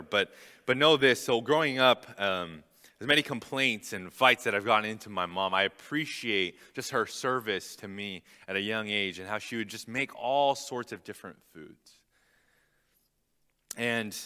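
A young man delivers a sermon in a bright, forceful voice. He is earnest and emphatic and hammers home his points by repeating them. His voice rings with the long reverb of a large hall. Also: fairly low pitch. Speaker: preacher.

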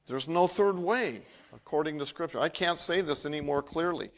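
A man preaching a Sunday sermon, his fairly high voice coming through a muffled, lo-fi recording. He talks earnestly and swings between emphatic, raised points and low, hushed appeals to the congregation. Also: moderate pace, vocal fry. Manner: earnest, building to emphatic peaks then dropping low and quiet. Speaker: pastor. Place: church sanctuary.

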